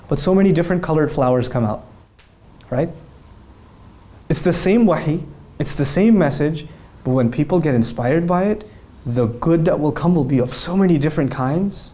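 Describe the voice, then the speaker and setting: A man's voice: on the high side, lively intonation, normal speed, warm tone. A man answering interview questions, speaking earnestly and animatedly and telling stories with quoted dialogue.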